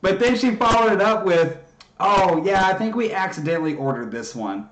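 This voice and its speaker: A man telling a story in casual chat, profane and animated, acting out what everyone said. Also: high voice, normal speed, reverberant. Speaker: podcast co-host.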